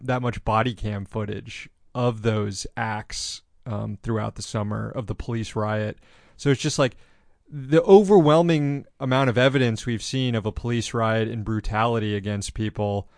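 A man's voice: on the low side, gravelly, dry recording, studio quality. A male podcast host talking casually in an interview, reflective and cursing offhandedly.

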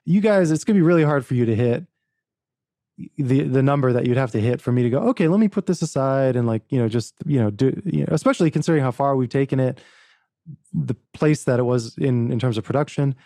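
A man, an author and book producer, telling a story as a podcast guest in an animated way, acting out quoted dialogue and restarting often. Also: mid-range voice, quick pace, no room sound, studio quality. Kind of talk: casual interview storytelling.

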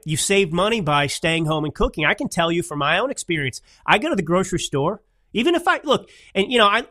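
Young male podcast host, bright slightly high voice, rambling emphatic monologue. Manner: rambling, emphatic, with restarts and asides. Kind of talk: casual political commentary monologue.

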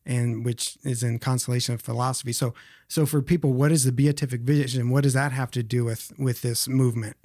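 A man's voice: mid-range voice, fairly even intonation, fairly quick, a little mellow, dry recording, studio quality. A young adult man hosting a podcast, telling a personal story in an earnest, casual way with many fillers. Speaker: podcast host. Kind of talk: casual interview chat.

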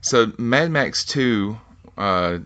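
Relaxed Southern US man interviewing. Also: fairly low pitch, extremely slow. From Southern United States. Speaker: interview host.

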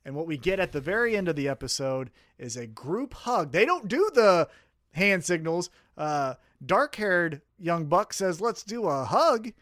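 Here a man whose voice runs on the high side takes his time, recorded in studio quality without any room sound. He co-hosts a podcast, spinning casual, expletive-heavy stories with acted-out lines.

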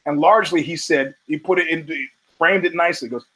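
A man's voice: fairly high pitch, fast talker, pushed and bright, low-quality recording. A man hosting a podcast, telling stories in a casual, profane monologue and acting out the people he quotes. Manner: profane storytelling with acted-out quotes. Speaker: podcast host.

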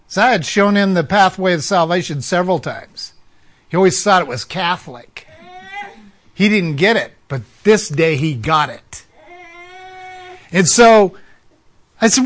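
A man's voice: sits high, animated, measured pace, pauses often, a bit bright. Man telling a sermon story. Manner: conversational, lots of "you know" fillers. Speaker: Christian counselor and speaker.

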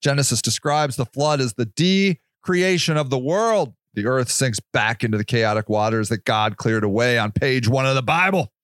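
A man's voice: mid-range voice, lively intonation, normal speed, hardly any pauses, a bit bright, no room sound. A man hosting a solo podcast, reading passages aloud and then ranting in a sarcastic, profane, heated way. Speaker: podcast host.

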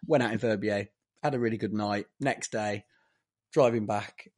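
A man's voice: on the low side, fairly even intonation, moderate pace, darkish tone. A man telling a story in casual chat, animatedly acting out the lines of the people in it.

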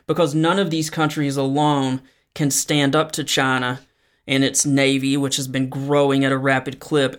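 Male podcast host, slightly higher voice, monotone commentary delivery. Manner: explanatory, conversational, frequent fillers. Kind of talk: solo news commentary podcast.

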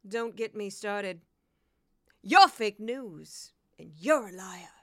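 A woman doing a comic impression of a boastful, pompous former TV anchor woman with a brash, taunting, drawn-out delivery. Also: medium pitch, expressive, no echo, clean studio sound.

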